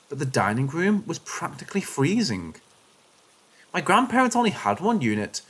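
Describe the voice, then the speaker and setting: Man narrating ghost stories, lively pitch. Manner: expressive storytelling, shifting pitch with suspense. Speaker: story narrator. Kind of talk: scripted narration of paranormal stories.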